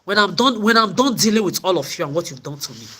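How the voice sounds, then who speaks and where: A woman's voice: mid-range voice, lively intonation, fast talker, bright, forceful tone, breathy edge. A woman vlogger telling her story in an angry, profane rant, often repeating and stumbling over words. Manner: profane, repetitive stammering.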